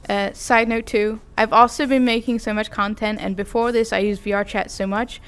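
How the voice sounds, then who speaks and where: A woman's voice: medium pitch, steady tone, normal speed, clean tone. A young adult woman vlogging in a casual, rambling, self-deprecating chat with giggly asides. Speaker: vtuber vlogger.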